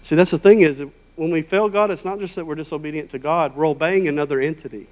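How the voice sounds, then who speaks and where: A man preaching a sermon in a conversational, emphatic way, rising to loud, high peaks. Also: steady tone, quick pace. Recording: long hall reverb.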